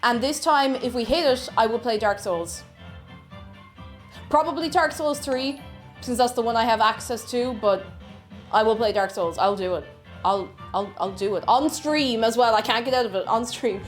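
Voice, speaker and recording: A bubbly woman hosts a live stream, greeting viewers and reading their messages aloud. Her fairly high voice swings into a sing-song lilt when she greets people. Soft music plays quietly underneath. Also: normal speed.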